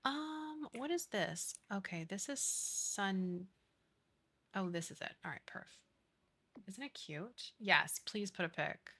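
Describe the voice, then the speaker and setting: A woman streamer chatting casually while she plays, gushing and excitable, with gasps and baby talk. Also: mid-range voice, slow pace, husky. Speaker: game streamer. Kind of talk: casual live-stream chat while playing.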